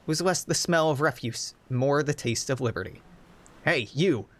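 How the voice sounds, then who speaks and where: A man's voice: medium pitch, a little fast, dry recording. A young man reading game event text aloud, breaking off into wry, joking asides. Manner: wry, joking asides between read-out passages. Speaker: game streamer.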